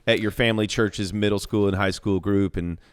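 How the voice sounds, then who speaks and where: A man's voice: on the low side, steady tone, brisk, clean tone, no echo, clean studio sound. A man hosting a podcast, asking curious questions that he rephrases as he goes. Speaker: podcast host. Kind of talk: interview questions.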